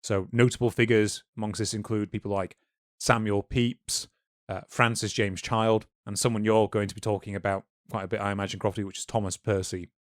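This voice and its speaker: A man's voice: fairly low pitch, little pitch movement, a little fast, dry recording. Man explaining history, dry close sound. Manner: informal, lecturing with fillers and asides. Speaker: podcast co-host. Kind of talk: casual history podcast explaining.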